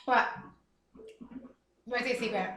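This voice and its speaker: A woman's voice: fairly high pitch, takes it slowly, bright, forceful tone, faint music behind. A woman in her thirties hosting a livestream, chatting candidly and laughing often. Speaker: livestream host. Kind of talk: casual chat. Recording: echoey room.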